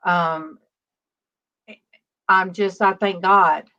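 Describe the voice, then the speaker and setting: A middle-aged woman, hosting a casual online prayer-group chat and pausing often with "um". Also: mid-range voice, fairly even intonation, sharp tone, clear, resonant tone, muffled recording. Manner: halting, many pauses and "um"s. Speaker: online ministry panel host.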